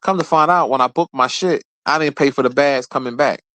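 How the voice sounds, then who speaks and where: A man in his forties telling a rambling, profane story in a casual rant, his voice jumping high whenever he quotes someone. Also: brisk, dry recording. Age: 40s. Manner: profane, animated, jumps high when quoting people. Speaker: streamer host.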